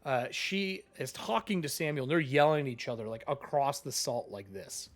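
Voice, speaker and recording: A man narrating a tabletop role-playing game as game master, animated and rambling. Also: mid-range voice, normal speed.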